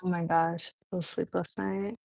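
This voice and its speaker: A woman's voice: on the low side, flat delivery, measured pace, creaky, darkish tone, no room sound. A woman hosting a casual live stream chat, rambling with many fillers and laughing often. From United States. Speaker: livestream host.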